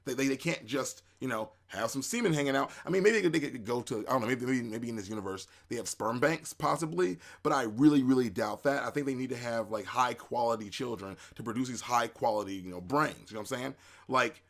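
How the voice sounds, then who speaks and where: A man hosting a casual spoken review, excitable and rambling, with many fillers and restarts. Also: mid-range voice, fairly quick. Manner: acts out reactions in quoted asides. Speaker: anime reviewer, show host.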